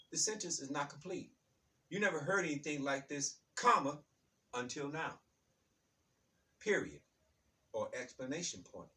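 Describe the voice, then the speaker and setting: A man's voice: mid-range voice, bright, forceful tone, recorded from a distance. A man hosting his own channel, delivering an emphatic, repetitive spiritual monologue that often addresses listeners as "baby". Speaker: channel host.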